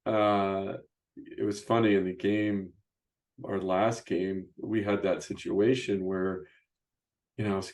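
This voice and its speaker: Low-voiced middle-aged man, rambling host. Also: a little mellow. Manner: rambling, frequent restarts and "you know, right?" tags. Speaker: podcast host and youth basketball coach. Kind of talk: casual interview chat.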